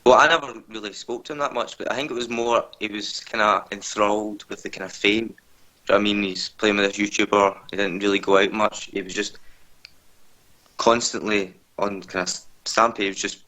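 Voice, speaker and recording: A nervous man speaking as an interview guest over a video call. His low voice has a bright edge, and he talks hesitantly, leaning on filler words as he tells his story. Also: steady tone, brisk, poor audio. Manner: hesitant, full of "kinda" and "like".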